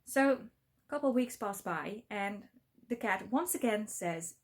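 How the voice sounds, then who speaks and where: A woman's voice: mid-range voice, a little slow. A woman telling a folktale in a chatty, informal way, with many fillers and asides. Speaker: storyteller. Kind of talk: casual folktale retelling.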